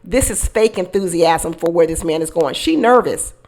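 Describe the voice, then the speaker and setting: A woman hosting casual reality-show commentary, animated, acting out quotes and laughing often. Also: on the low side, normal speed. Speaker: commentary channel host.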